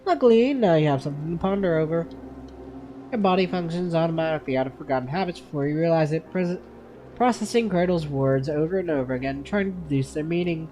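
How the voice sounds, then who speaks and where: A gaming content creator reads a game's story text aloud in second person. The reading is plain, with frequent stumbles and quick self-corrections. The voice has a mellow, dark tone, and faint music plays behind it. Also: mid-range voice, lively intonation.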